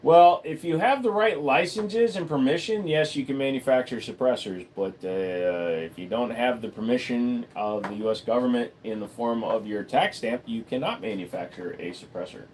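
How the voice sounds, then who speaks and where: A man of ordinary pitch hosts a relaxed livestream from a room at home, fielding viewer questions one after another. His delivery is blunt and deadpan, with crude jokes dropped in flatly. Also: normal speed, few pauses, slight background noise. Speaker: livestream host. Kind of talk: casual livestream Q&A, answering chat. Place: room at home full of computer gear.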